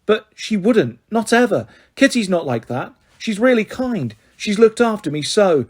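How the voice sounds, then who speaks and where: A man voicing a gentle, earnest young girl from a well-off upbringing. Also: high voice, very animated, a little slow, slightly rough, pitched above the performer's own voice, full character voice. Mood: pleading. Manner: earnest, pleading.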